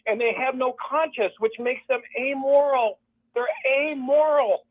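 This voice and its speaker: A man speaks in a fairly high voice, heard through a thin, phone-like line. He talks with fervent repetition and drops into mocking imitations of the people he criticizes. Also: unhurried. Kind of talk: impassioned call-in commentary.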